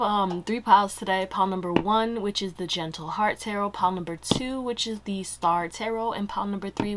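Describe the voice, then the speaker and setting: A woman's voice: medium pitch, fairly bright tone, a little hiss or hum. Chatty woman giving a tarot reading. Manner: chatty, laughs often, slangy asides. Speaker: tarot reader. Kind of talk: casual pick-a-card tarot reading.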